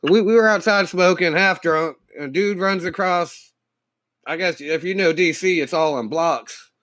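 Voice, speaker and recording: A man's voice: high-pitched, normal speed, a bit bright, dry recording. A man in a casual podcast chat, telling laid-back anecdotes and laughing often.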